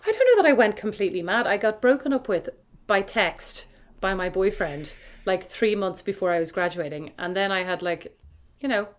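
A young adult woman on a podcast, telling stories about her family with plenty of laughter. She speaks at an ordinary pitch and keeps the tone of relaxed, casual chat. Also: moderate pace, hardly any pauses. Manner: animated storytelling with frequent laughter. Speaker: podcast guest.

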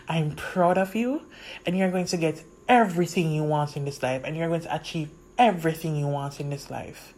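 A woman hosting a podcast, speaking earnestly and encouragingly to her listeners, slowing down on key words. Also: low voice, darkish tone, slight background noise. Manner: earnest, encouraging, slows down for emphasis. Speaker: podcast host. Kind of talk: motivational podcast talk.

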